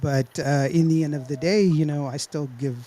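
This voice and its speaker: A man's voice: a little high, steady tone, moderate pace, warm tone. A man from Texas hosting a casual chat, joking, telling stories and laughing often. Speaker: host.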